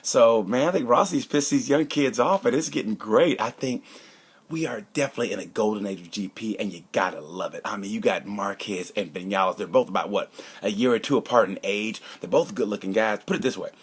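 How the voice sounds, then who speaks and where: Man, raspy voice, deepish, casual opinionated race review, rambling and jokey. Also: fairly quick. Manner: rambling, joking, drops to a conspiratorial whisper. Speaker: motorcycle racing commentator.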